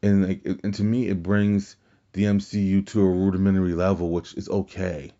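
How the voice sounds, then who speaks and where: Speaking at a normal speed in a low, warm voice with little pitch movement, a man hosts a podcast alone, chatting casually and meandering with frequent restarts and fillers. Weariness shows as he struggles against yawns, and the sound quality is dull and lo-fi.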